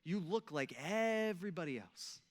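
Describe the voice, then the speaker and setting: A male pastor preaching a conversational sermon in a church, animated and checking in with the congregation with "okay?" and "right?". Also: sits high, moderate pace. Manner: animated, acts out quoted voices, frequent "okay?" and "right?". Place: church sanctuary.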